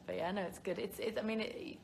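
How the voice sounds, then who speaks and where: A woman's voice: mid-range voice, steady tone, fast talker, gravelly, darkish tone, a little hiss or hum. A young woman with a British accent, chatting casually on a live stream from her phone, rambling with lots of fillers and giggles. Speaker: live-stream host answering viewer questions.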